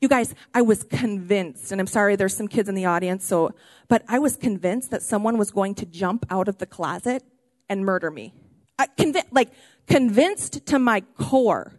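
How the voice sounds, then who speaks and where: A woman pastor preaching a sermon in a church, animated and excitable, often raising her voice. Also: medium pitch, moderate pace, dry recording, clean studio sound. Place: church auditorium.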